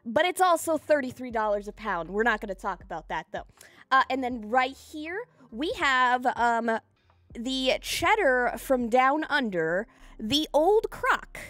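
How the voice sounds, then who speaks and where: A high, bouncy woman's voice that swoops all over the place as she chats with her stream audience. She giggles and gushes with excitement, yet takes her time between words. Soft music plays faintly behind her. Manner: excitable, giggly, gushing thanks to chat. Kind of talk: casual live-stream chat. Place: home streaming setup.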